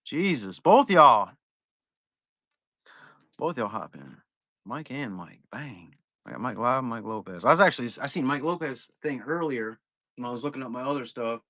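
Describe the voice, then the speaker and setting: Young man, live card-break host, casual rambling chat, profane, bright tone, dry sound. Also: medium pitch, expressive, moderate pace, long pauses, no echo.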